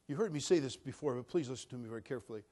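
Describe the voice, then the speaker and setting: A man preaching a sermon as a pastor, animated, dropping to a hush and then rising to near shouting. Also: mid-range voice, very fast. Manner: animated, swings from hushed to shouting.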